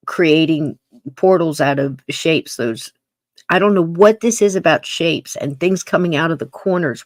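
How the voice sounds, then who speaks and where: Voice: mid-range voice, no room sound, studio quality. A podcast host giving casual commentary, rambling and thinking aloud with many fillers.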